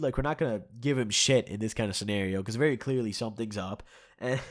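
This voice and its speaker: A man's voice: mid-range voice, fast. A young man with a stuffed-up nose and sore throat, telling a rambling, profane story to his channel and chuckling often. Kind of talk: casual storytime.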